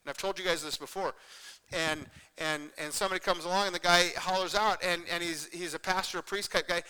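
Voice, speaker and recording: A pastor giving a conversational sermon to a congregation, earnest and repetitive, often checking in with "okay?". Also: male voice, sits high, fairly even intonation, quick pace, pushed and bright, clean tone, in a large hall, low-quality recording.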